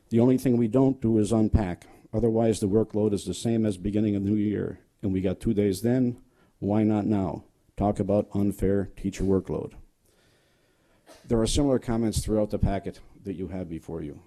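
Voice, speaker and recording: A man's voice: lowish voice, steady tone, fairly quick, dark tone. A man giving a public comment at a school board meeting, reading survey responses aloud.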